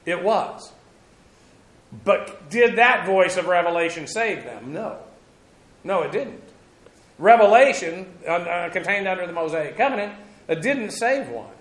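A man's voice: high voice, animated, a little slow. A man preaching a sermon, teaching scripture in a conversational way, with many fillers and restarts. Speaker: pastor. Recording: echoey room sound.

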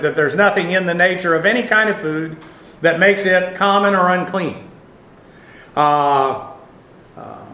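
In an echoey classroom, a man with a rather high, bright and forceful voice teaches a Bible study on the Greek text. He speaks haltingly, fills gaps with many fillers and spells words out letter by letter.

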